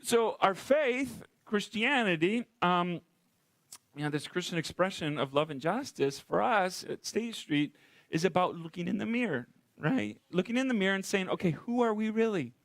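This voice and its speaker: A man's voice: high-pitched, animated, normal speed, fairly bright tone, dry recording. A man preaching a conversational sermon as pastor, often repeating rhetorical questions to the congregation. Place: church.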